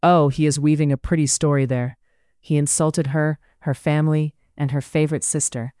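A narrator voicing a jovial, teasing young gentleman cousin in a read-aloud story, with a smooth voice. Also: mid-range voice, little pitch movement, normal speed, no echo, studio quality, natural voice. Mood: mocking. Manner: mocking, playful. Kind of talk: audiobook character reading.

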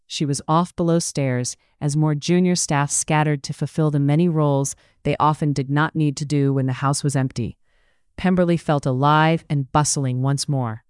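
Smooth, clear audiobook narrator. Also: medium pitch, dry recording, studio quality. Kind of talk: scripted narration.

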